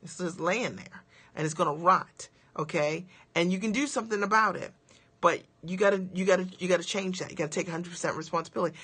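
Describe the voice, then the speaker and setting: A woman business coach with a husky, fairly low, slightly bright voice gives an emphatic motivational talk on a livestream. She fires off rapid rhetorical questions and checks in with her audience after each point.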